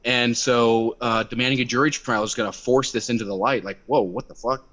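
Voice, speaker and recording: Animated young man on a dull call. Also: medium pitch, a little fast. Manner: animated, swearing, acts out quotes by raising his voice. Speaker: activist guest. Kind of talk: casual storytelling on a video call. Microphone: video call. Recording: dull lo-fi video call audio.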